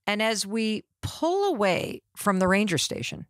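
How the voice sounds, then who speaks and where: A middle-aged woman hosting a podcast, telling a personal story in an animated, dramatic way. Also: mid-range voice, unhurried, dry recording, studio quality. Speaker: podcast host.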